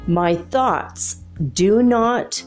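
Slow-talking giggly woman podcaster. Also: mid-range voice, faint music behind. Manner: giggly, laughs often between phrases; chatty, addresses listeners directly. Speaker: podcast host. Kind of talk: casual solo podcast monologue.

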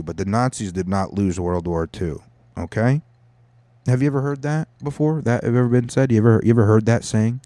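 A man's voice: fairly low pitch, mellow, no room sound. A young man hosting a podcast, rambling and joking with profanity. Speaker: podcast host. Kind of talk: casual rambling podcast talk.

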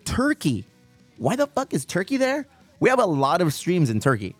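A man's voice: sits high, wildly swooping pitch, moderate pace, no echo, faint music behind. A man hosting a podcast in casual chat, swearing a lot and rambling in slang. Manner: profane, slangy and rambling, calls people dog and bro. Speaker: podcast host.

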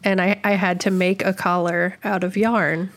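A woman co-hosting a podcast in relaxed, casual chat. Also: fairly low pitch, normal speed. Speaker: podcast co-host.

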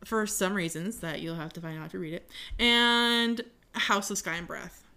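A woman's voice: mid-range voice, normal speed, bright, forceful tone, clear, resonant tone. A young woman chatting casually about books, giggly, swearing now and then and trailing off mid-sentence. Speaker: podcast co-host.

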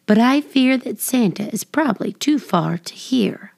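Woman reading a cheerful small male elf with a drawl, storybook, unhurried. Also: on the high side, lively intonation, gravelly, a little mellow, voice pushed up. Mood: sad.

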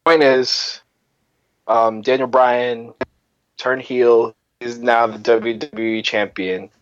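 A man co-hosting a casual podcast, reasoning things out in a relaxed way. His voice comes through a slightly dull, lo-fi recording. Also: medium pitch, slow pace, smooth, dry recording. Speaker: podcast co-host. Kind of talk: casual wrestling chat.

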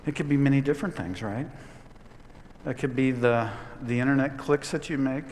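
A man's voice: medium pitch, normal speed, a little mellow, a little hiss or hum. A man delivering a sermon as a pastor, telling a story in a conversational way and building to emphatic points. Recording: long hall reverb.

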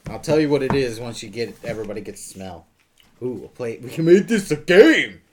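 A man's voice: mid-range voice, big pitch swings, brisk. A man hosting a casual podcast with friends, rambling and acting out scenes he retells. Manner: rambling, acts out movie scenes in voices. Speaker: podcast host.

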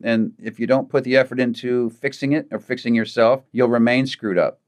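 A man's voice: mid-range voice, steady tone, fairly quick. A middle-aged man speaking as a podcast guest, blunt and plain-spoken, earnest and direct in a candid conversation. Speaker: guest, combat veteran.

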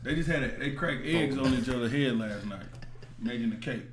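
A man's voice: medium pitch, brisk, echoey room, crowd noise. A man joking around in slangy casual banter as a podcast co-host. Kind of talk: casual chat.

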